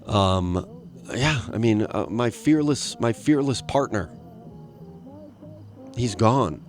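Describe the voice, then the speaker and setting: Brief: young male podcast host, lowish voice, rambling self-mocking comic monologue, faint music behind. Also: animated, slow pace. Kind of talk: solo comedic podcast monologue.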